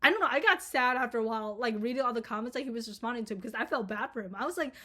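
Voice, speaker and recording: A woman's voice: on the high side, lively intonation, quick pace, hardly any pauses, pushed and bright. A young woman from Minnesota telling a storytime to camera, rambling and swearing, with lots of fillers. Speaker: storytime vlogger. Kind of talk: casual storytime rant.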